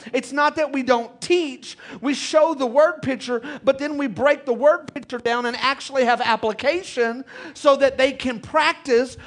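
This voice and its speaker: Male pastor, high-pitched, energetic sermon delivery with call-outs to the congregation. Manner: animated preacher, calls out to congregation.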